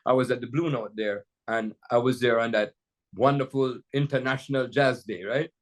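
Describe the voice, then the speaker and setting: A man's voice: medium pitch, steady tone, moderate pace. Older Jamaican man telling rambling stories. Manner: rambling, storytelling, many restarts and "you know"s. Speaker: jazz pianist guest. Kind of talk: casual conversation. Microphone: video call.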